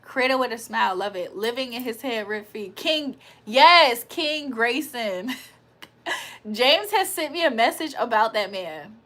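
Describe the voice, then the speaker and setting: Bright-voiced woman joking on a livestream. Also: fairly high pitch, expressive, measured pace. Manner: joking, laughing, profane, reads chat aloud. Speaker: livestream host. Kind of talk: casual livestream chat.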